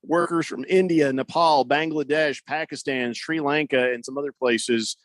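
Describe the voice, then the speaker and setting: This is a man co-hosting sports radio, reading listener comments and riffing on them with lots of fillers and restarts. His voice sits a little high for a man. The sound is close and dry, straight into a studio mic. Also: steady tone, moderate pace, no echo. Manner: loose and joking, many fillers and restarts.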